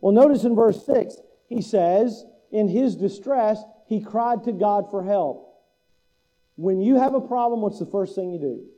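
A man's voice: high voice, expressive, unhurried, dark tone, rough recording. A man preaching a sermon as pastor, asking the listeners a string of rhetorical questions and building to urgent emphasis.

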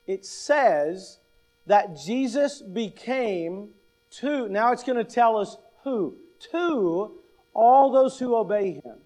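High-voiced, slow, emphatic male preacher. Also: expressive, darkish tone. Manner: emphatic, asks the congregation rhetorical questions; deliberate, stresses key words. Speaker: pastor. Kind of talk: sermon.

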